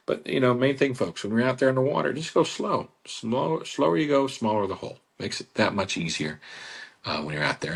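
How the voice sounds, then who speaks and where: A man talking casually on a radio show, pitching his boat club in a chatty, salesy way and repeating the phone number. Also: breathy edge. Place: radio studio.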